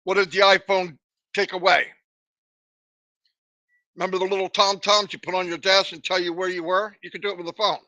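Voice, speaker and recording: A man's voice: high voice, level tone, a little fast, long pauses, sharp tone, no echo, highs cut off. A man giving a live motivational talk, emphatic and full of rhetorical questions. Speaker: motivational speaker.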